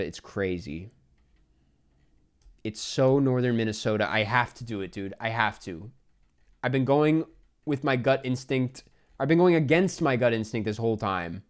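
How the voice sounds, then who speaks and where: Male streamer, casual live gameplay chat, excitable self-talk, average pitch. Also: clear, resonant tone. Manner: excitable, talks to himself while guessing, swears. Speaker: streamer playing a geography guessing game.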